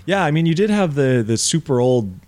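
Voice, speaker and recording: A man's voice: a little high, fairly quick. Blunt, profane man in casual podcast chat. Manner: profane, blunt, animated when incredulous. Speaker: podcast co-host. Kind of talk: casual film review chat.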